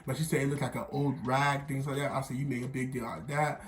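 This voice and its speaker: A man's voice: medium pitch, little pitch movement, fast, roomy sound. A young man from Miami telling a rambling storytime vlog, often repeating himself and quoting others. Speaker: vlogger.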